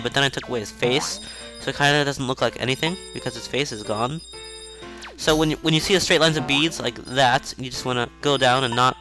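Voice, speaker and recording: A man casually commenting on a video game as he plays, chatty and rambling, with self-mocking asides and excited outbursts. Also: mid-range voice. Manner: excitable outbursts during play. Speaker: video game let's-play host. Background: faint game music.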